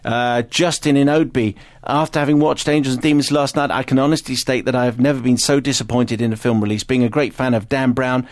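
Male radio host, fast and dry, reading listener mail. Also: mid-range voice, fairly even intonation, no room sound.

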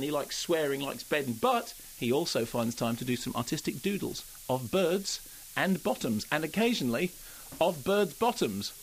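A man reviewing films on the radio, animated and jokey, acting out quotes. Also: fairly high pitch, slight background noise, low-quality recording. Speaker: film critic. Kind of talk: radio film review chat.

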